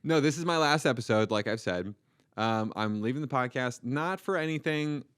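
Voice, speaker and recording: A man's voice: medium pitch, animated, normal speed, a bit bright, smooth, dry recording, clean studio sound. A young man co-hosting a comedy podcast, telling stories in a joking, self-deprecating way. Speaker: podcast co-host. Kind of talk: casual comedy podcast chat.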